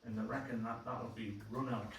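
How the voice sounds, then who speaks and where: A man's voice: mid-range voice, steady tone, fairly quick. A man giving a councillor's report at a council meeting, speaking in a plain, colloquial way. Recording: very echoey room, distant mic, faint noise.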